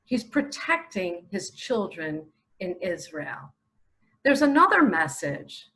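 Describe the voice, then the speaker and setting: A middle-aged woman from New York giving an impassioned religious monologue, emphatic and full of rhetorical questions, with sudden loud bursts. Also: lowish voice, big pitch swings, slow, poor audio. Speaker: self-proclaimed messiah preacher.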